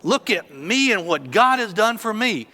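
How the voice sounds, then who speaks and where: A man's voice: high voice, sing-song, a little slow, sharp tone, long reverb tail, voice pushed up, exaggerated voice. A man voicing an overjoyed healed male leper who exclaims and shows himself off during a sermon. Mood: elated. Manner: exclaiming, showing off.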